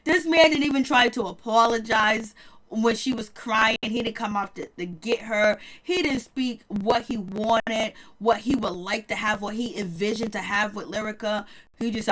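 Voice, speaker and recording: A woman's voice: fairly high pitch, fairly even intonation, normal speed, a bit bright. A woman casually recapping a reality show for viewers, gossipy and chatty, laughing often and greeting her audience. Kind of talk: casual chat.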